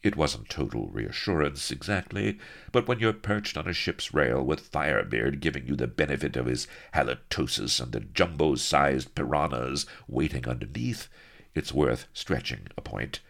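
A man's voice: a bass voice, expressive, moderate pace, vocal fry, fairly bright tone. A man reading a comic adventure story aloud with wry, mock-heroic narration.

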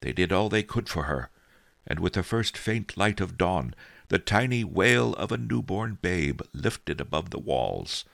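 A man's voice: low-pitched, very animated, unhurried, vocal fry, a bit bright, no echo, full character voice. A man reading an audiobook, voicing a wily old male storyteller who tells his tale wryly. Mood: wry storytelling. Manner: wry, sly storytelling. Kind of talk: audiobook character voice.

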